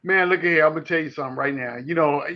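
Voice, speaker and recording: A man co-hosting a casual sports chat, animated and rambling, with many restarts. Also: on the high side, very fast, highs cut off. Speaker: podcast co-host. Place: home.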